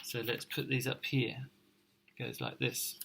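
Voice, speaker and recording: A male teacher reading a picture book aloud to children, expressive and encouraging as he points things out. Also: medium pitch, measured pace, creaky, very noisy.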